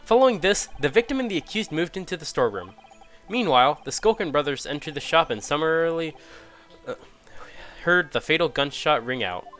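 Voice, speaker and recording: An earnest young defense lawyer speaking politely and carefully, with a touch of doubt, read out by a man. The voice stays close to a plain speaking voice, with a lively pitch that rises and falls. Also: fairly quick, faint music behind. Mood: measured.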